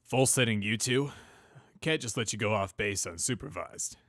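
A man voicing a gruff, tired older male pegasus sergeant who talks bluntly and bossily in a fan storybook reading. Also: fairly low pitch, normal speed, a bit bright, no room sound, studio quality, lightly acted. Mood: grumpy.

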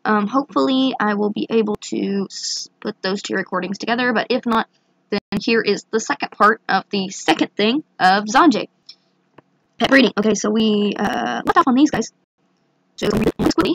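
A young woman with a hoarse voice, chatting excitedly through her gameplay with lots of fillers. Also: medium pitch, a little fast, no echo, poor audio. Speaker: gaming channel host. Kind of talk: casual gameplay commentary.

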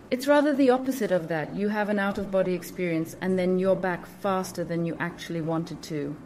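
A woman's voice: on the low side, a little mellow. A woman hosting a spiritual channel, explaining things in a casual monologue with emphatic repetition and awkward phrasing.

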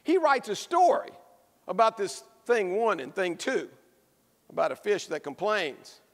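A man preaching a sermon with a high, carrying voice. He tells his story with lively emphasis and repeats his key phrases. The sound rings out through a large, echoey church. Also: a little slow. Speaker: pastor.

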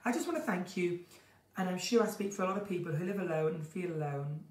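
A croaky woman, hosting an unscripted live chat from her home in the countryside, gushing and flamboyant as she reads out viewer comments. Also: on the low side, quick pace. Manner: chatty, gushing, flamboyant, breaks into song. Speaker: live-stream host. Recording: roomy, distant phone sound.

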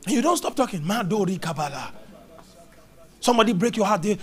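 Male preacher, high and animated, acts out scenes with voices and sound effects. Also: a little fast. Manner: animated, mimics voices and sounds, laughs and shouts. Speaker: prophet preaching. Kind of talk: lively charismatic sermon.

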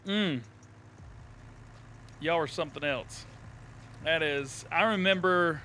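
A man with a drawl hosting a live game stream, chatting casually with viewers, laughing often and thanking them warmly. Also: fairly high pitch, takes it slowly, pauses often, a little hiss or hum. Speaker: live-streaming gamer host. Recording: light game music behind.

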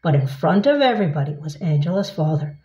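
Animated woman reading a picture book. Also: sits low, fast. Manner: expressive, animated storytelling. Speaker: storybook reader. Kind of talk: picture book read-aloud. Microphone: camera at a short distance. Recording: echoey, slightly dull room sound.

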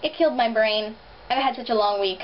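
Young woman vlogger, slight lisp, animated sarcastic chat, cheap camera mic, muffled audio. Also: fairly high pitch, brisk. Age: young adult. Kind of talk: casual vlog chat. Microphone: built-in camera mic. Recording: dull lo-fi camera audio, faint hiss.

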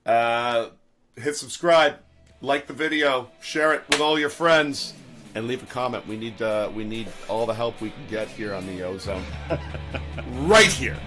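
A man's voice: medium pitch, a little slow, music in the background. A man hosting a podcast in casual chat, upbeat and speaking straight to viewers. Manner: upbeat, addresses viewers directly. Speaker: podcast host. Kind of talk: casual chat and show sign-off.

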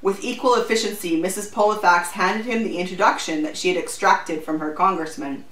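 A woman reading a novel aloud in a measured, even storytelling manner. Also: lowish voice. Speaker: book reviewer. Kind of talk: scripted narration. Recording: roomy echo, distant mic.

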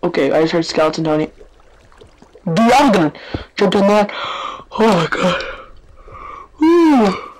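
A gaming channel host giving rambling, excitable live gameplay commentary, jumping between yelps and hushed whispers. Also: mid-range voice, normal speed, long pauses, low-quality recording. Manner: yawning, offhand chatter with many fillers.

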